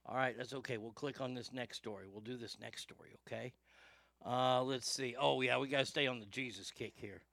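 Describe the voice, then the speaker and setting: A Southern man talks profanely and rambles, stammering as he goes. His voice is gravelly and bright, with no room sound. Casual commentary on a close mic. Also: mid-range voice, fairly even intonation, a little fast, dry recording. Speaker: host.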